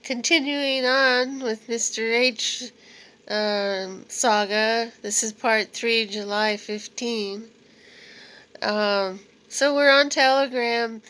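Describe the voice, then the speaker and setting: A woman's voice: medium pitch, fairly bright tone, low-quality recording. A middle-aged woman vlogging about her own online dating experience, telling it in a candid, rambling way with fillers and small laughs. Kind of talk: casual storytelling monologue.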